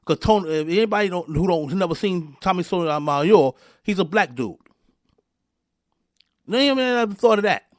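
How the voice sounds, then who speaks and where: Heated, high-voiced man ranting. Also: animated, normal speed, no room sound, clean studio sound. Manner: angry, repetitive, stumbling restarts, addresses listeners directly. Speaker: show host. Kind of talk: heated commentary rant.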